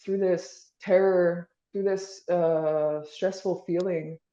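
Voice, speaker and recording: A woman's voice: lowish voice, steady tone, takes it slowly, mellow, reverberant, highs cut off. A woman being interviewed, talking in a casual, rambling way with lots of "like" and restarts. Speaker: podcast guest.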